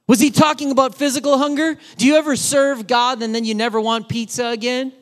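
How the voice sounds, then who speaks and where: A man giving a children's sermon, animated and emphatic, talking straight to the kids. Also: very high voice, brisk, hardly any pauses. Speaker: children's pastor.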